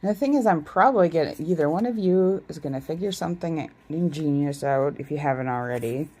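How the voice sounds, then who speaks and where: A woman's voice: low-pitched, a little fast, dark tone, husky, rough recording. A tired woman chatting casually with viewers while shuffling tarot cards, joking at her own expense and talking to herself. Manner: chatty and self-deprecating, talks to viewers and herself. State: tired, yawning. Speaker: tarot reader streaming live. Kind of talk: casual live-stream chat.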